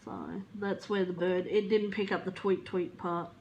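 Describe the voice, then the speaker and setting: A woman with an Australian accent, telling stories in a casual, rambling chat. She is chatty, laughs easily and swears in passing, and she sounds a little flat today. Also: mid-range voice, normal speed, highs cut off, a little hiss or hum. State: feeling flat. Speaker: vlogger.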